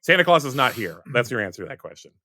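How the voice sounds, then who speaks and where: Male game master, rambling narration, bright voice, lively pitch. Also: fast talker, no echo, studio quality. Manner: rambling, full of fillers and self-corrections.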